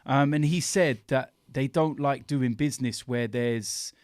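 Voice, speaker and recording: A man trading casual football banter on a podcast, jokey and animated. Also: medium pitch, measured pace, dry recording, studio quality. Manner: animated, jokey trash talk with laughs. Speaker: podcast guest and fan pundit.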